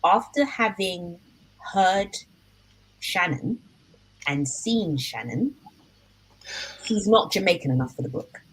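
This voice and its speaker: A woman's voice: lowish voice, animated, slow, pauses often, breathy edge, low-quality recording. A woman hosting a casual book discussion, talking carefully and qualifying her points. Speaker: host.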